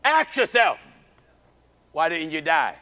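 Pastor, male; bright, forceful sermon delivery with wide swings. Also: takes it slowly. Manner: animated preaching, acts out childhood prayers in high cries.

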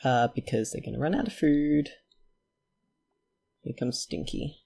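Slow, gravelly man. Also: a little high. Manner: chatty, talks to himself and his characters, quickly excitable. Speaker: let's play host. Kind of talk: gameplay commentary.

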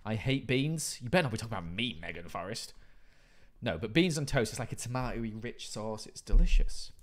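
A man's voice: on the low side, expressive, brisk. A man in his thirties, chatting casually with his live stream audience and reading out chat messages in a playful way. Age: 30s. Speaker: livestreamer.

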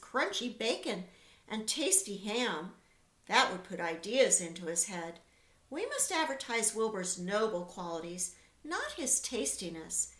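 Storybook role: a kind, wise female spider, gentle but firm, as a woman reading aloud puts her on, lively, roomy echo. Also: medium pitch.

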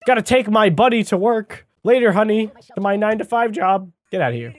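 A man giving jokey, excitable let's-play commentary as a gaming YouTuber, talking to the character on screen. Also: sits high, brisk, dry recording, faint music behind.

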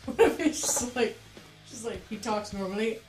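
A woman's voice: on the high side, animated, normal speed, darkish tone, faint music behind. A woman co-hosting a casual chat, enthusiastic and laughing, who swears freely. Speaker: co-host. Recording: roomy echo.

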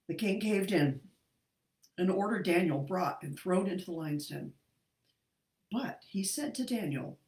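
Expressive woman Bible teacher, echoey room. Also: lowish voice, a little slow, long pauses. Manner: expressive reading with jokey asides. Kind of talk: online Bible lesson, reading and explaining.

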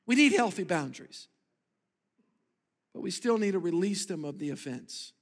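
A man's voice: high voice, animated, normal speed. A man preaching a sermon as pastor, emphatic and calling on the congregation to repeat words after him. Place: church sanctuary. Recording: long reverb of a large hall.

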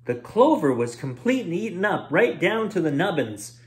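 A man's voice: sits high, slight background noise. A man hosting a bedtime story show, reading a children's book aloud expressively. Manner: expressive, drawn-out read-aloud.

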